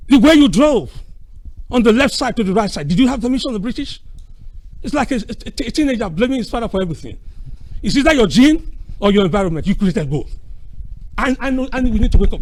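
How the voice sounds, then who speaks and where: A middle-aged man giving an impassioned, preacherly conference speech, swinging from booming to hushed. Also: low-quality recording. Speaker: speaker at a conference.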